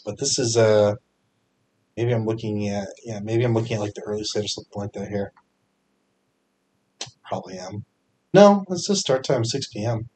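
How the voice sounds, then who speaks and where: Hosting a fantasy sports podcast, a fairly low-pitched man walks listeners through his selections. His delivery is relaxed but lively, full of filler words and quick corrections.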